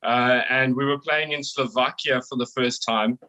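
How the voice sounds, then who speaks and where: A young South African man, a band vocalist, telling a wild tour story in casual, excitable talk, swearing freely and laughing often. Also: medium pitch, moderate pace, smooth, low-quality recording.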